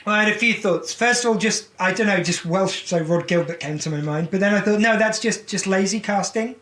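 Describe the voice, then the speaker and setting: A man's voice: sits high, fairly quick, a bit bright. A man chatting on a live podcast stream, rambling and hesitating with many fillers. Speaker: podcast host, guest on the show. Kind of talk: casual live stream banter. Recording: echoey live stream audio.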